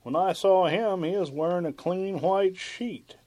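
An actor playing a shy, lovelorn maestro neighbor with a hesitant, wry delivery in a 1950s radio sitcom. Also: male voice, sits high, a little slow, dark tone.

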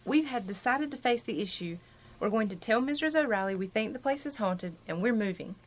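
An actress playing a sensible, wisecracking young roommate in a 1950s radio sitcom. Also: female voice, on the high side, animated, brisk. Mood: brisk.

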